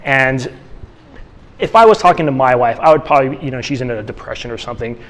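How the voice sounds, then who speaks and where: A man of middle pitch gives a casual teaching talk, circling back and restarting sentences as he explains. His voice carries a long reverb, as if he is speaking in a large hall. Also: fast talker. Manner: conversational, with frequent restarts and fillers. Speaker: church teacher.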